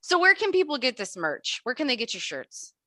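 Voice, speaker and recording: Brief: upbeat female co-host, high bright voice, very lively, dry sound. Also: brisk, dry recording. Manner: upbeat, laughs easily. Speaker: podcast co-host. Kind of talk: casual interview chat.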